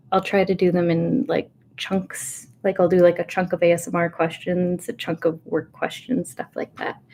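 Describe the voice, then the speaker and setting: A woman in her thirties rambles softly through a livestream chat, full of fillers and little asides. Her voice is warm and mellow, with a touch of nervousness, recorded at home on a webcam. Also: medium pitch. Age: 30s. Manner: rambling, chatty, self-interrupting with fillers. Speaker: ASMR host. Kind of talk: soft-spoken livestream chat. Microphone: webcam setup.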